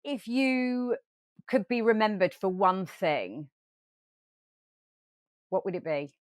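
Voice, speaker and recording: A woman hosting a podcast, asking gentle questions and offering short affirming replies. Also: medium pitch, expressive, slow pace, no echo, clean studio sound. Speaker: podcast host. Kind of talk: interviewing.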